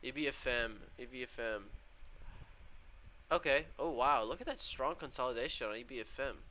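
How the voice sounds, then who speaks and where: A man's voice: medium pitch, normal speed, bright, forceful tone. A man casually walking viewers through his trades on a live stream and answering chat. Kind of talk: live trading stream commentary.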